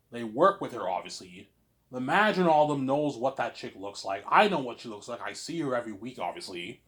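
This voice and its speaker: He rambles on in a boastful, repetitive monologue, keeps tacking "obviously" onto his lines, and his voice leaps around with a lot of pitch movement. Loud bragging claims keep dropping to half-mumbled asides. He sits right in the middle for pitch. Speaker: vlogger.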